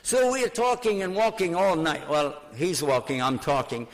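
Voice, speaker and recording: An older man delivers a sermon as a personal story. His voice sits a little high and swings between animated, quick telling and low, hushed prayer.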